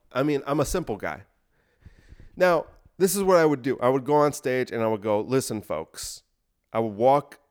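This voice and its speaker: A man hosting a podcast, delivering a deadpan comedic monologue of escalating absurd bits. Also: lowish voice, clean tone. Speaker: podcast host.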